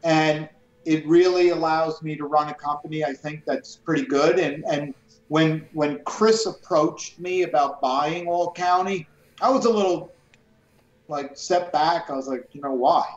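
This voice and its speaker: High-voiced man spinning profane stories in a roomy space. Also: unhurried, muffled recording. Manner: animated, profane storyteller who acts out dialogue. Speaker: guest, retired police officer and business owner. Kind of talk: casual podcast storytelling. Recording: roomy echo.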